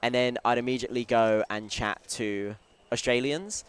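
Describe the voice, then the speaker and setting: Speaking at a normal speed with a medium-pitched voice, a man from the United Kingdom offers casual commentary on a stream. He jokes a lot, talks freely, and keeps cutting himself off to start sentences over, with a little hiss or hum in the background.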